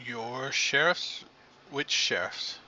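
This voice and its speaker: A man's voice: medium pitch, expressive, slow pace, pushed and bright, muffled recording, heavily acted. A man voicing a curt, guarded small-town male coroner who answers in clipped, puzzled replies.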